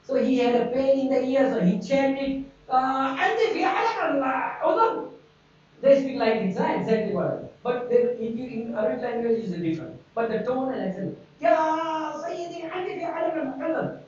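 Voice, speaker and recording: An older man, a guest religious teacher, telling an animated story to a class and repeating his phrases. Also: very high-pitched, normal speed. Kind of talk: storytelling talk. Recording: echoey, distant, dull hall recording.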